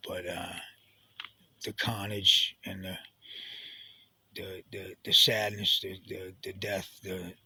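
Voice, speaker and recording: A middle-aged man telling a confessional personal story, halting and full of restarts, sometimes sinking to a hushed near-whisper. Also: low-pitched, little pitch movement, breathy edge, no room sound, rough recording. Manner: sinks to a hushed near-whisper at heavy moments. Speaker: storyteller recounting his own experience.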